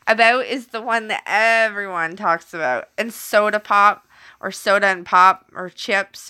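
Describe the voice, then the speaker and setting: A young woman with a Canadian accent talks casually into her phone during a late-night live stream, her voice crisp and bright. She is chatty and quick to laugh, teasing the viewers who type to her from her home kitchen. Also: lowish voice, expressive.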